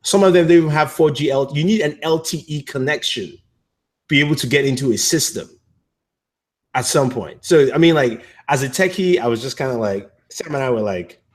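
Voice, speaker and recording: A man's voice: mid-range voice, expressive, a little fast. A man co-hosting a casual movie review chat, rambling with many fillers and restarts. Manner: acts out characters' lines in quotes.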